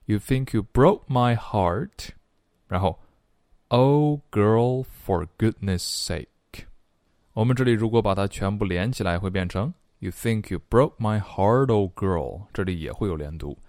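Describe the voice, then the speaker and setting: A man teaching an online English pronunciation and singing lesson. He explains in quick bursts, then slowly models each phrase. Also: deep voice, lively intonation, darkish tone, dry recording, studio quality.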